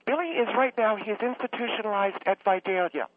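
A man's voice: high voice, a little fast, pitched above the performer's own voice, close to an everyday voice. A man voicing a fawning, rambling middle-aged woman caller who gets choked up easily. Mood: gushing. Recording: tinny phone line.

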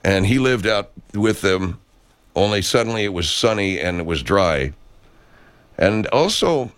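A low-voiced man rambles through loose comic talk. His pitch jumps around a lot, and he drops crude, jokey asides as he goes. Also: big pitch swings, measured pace.

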